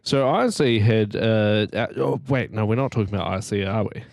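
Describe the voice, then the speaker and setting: Gravelly jokey New man. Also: lowish voice, lively intonation, brisk, a little mellow. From New Zealand. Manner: jokey, laughs often. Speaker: podcast co-host. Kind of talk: casual chat.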